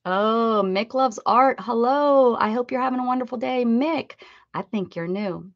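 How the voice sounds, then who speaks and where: A woman's voice: fairly high pitch, measured pace, no echo, lo-fi sound. Chatty woman hosting an art stream. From United States. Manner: chatty and playful, laughs often, sings short welcome jingles. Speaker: art livestream host. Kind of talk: casual chat greeting viewers.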